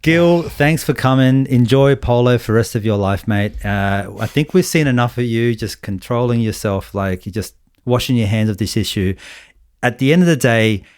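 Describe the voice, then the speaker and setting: A man's voice: mid-range voice, normal speed, darkish tone, clear, resonant tone, no room sound, studio quality. A man with an Australian accent co-hosting a casual sports podcast, talking bluntly in rambling runs and swearing now and then. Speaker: podcast co-host.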